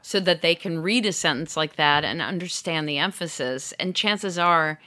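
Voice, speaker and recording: A woman's voice: sits low, moderate pace, sharp tone. A woman author as an interview guest, speaking thoughtfully and trailing into asides. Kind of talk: conversational interview.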